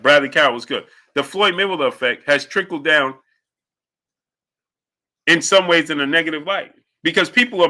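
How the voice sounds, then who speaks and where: A man's voice: fairly high pitch, sharp tone. A man hosting a live-stream boxing show, talking emphatically, repeating his points and greeting chat viewers by name. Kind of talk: live-stream sports commentary.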